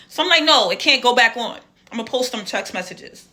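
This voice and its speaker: A woman telling a personal story in a casual, animated, slang-filled way. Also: a little high, brisk.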